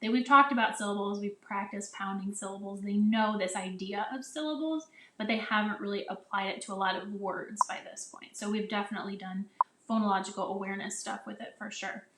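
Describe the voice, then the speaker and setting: A woman teacher walks other teachers through a phonics lesson in a casual, chatty way. She often restarts her sentences and sounds out vowel sounds as she would for young children. Her voice sits at a middle pitch and carries a noticeable echo from the room. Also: fairly quick, fairly bright tone, a little hiss or hum. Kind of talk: casual instructional explanation. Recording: echoey room.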